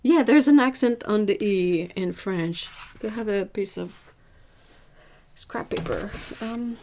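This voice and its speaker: A woman hosting an art livestream, chatting casually with viewers, emphatic and lively. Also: mid-range voice, takes it slowly, slight background noise. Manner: chatty, answers viewers' chat.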